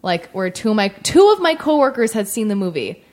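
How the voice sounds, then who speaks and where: A woman's voice: medium pitch, big pitch swings, a little fast, darkish tone. A woman co-hosting a podcast, telling everyday stories in a chatty way with lots of fillers. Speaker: podcast co-host. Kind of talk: casual chat.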